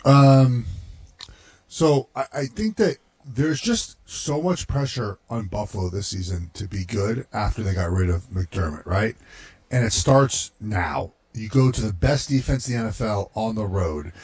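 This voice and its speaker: A man's voice: lowish voice, expressive, unhurried, darkish tone, breathy edge. A man, a former pro football player, giving casual analysis on sports radio with lots of "right?" checks. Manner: conversational, many fillers and "right?" checks. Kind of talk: sports talk radio chat.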